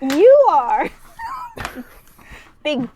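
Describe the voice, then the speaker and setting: A woman's voice: high voice, very slow, noisy background, voice pushed up. Woman playing a taunting mech pilot. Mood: mocking. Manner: taunting, laughing.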